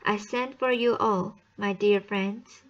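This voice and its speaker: A woman reading the lines of a gentle, dying young girl, slowly and haltingly with restarts. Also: mid-range voice, fairly even intonation, dull audio, natural voice. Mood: earnest.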